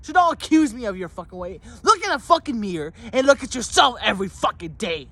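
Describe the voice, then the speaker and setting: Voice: medium pitch, very animated, brisk, no room sound. Furious vlogger ranting, cussing nonstop, voice jumping all over the place. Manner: angry, swearing nonstop, rising to shouting. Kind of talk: profane storytime rant.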